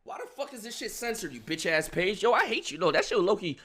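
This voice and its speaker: Man, high pitch, stream co-host, excitable, profane, dramatic. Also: quick pace, heavy background noise. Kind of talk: casual live-stream reaction chat.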